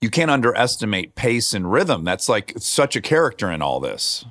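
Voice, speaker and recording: A man's voice: on the low side, big pitch swings, normal speed, a bit bright. A man hosting a podcast, chatting casually and animatedly with his guest, laughing readily. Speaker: podcast host. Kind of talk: casual interview chat.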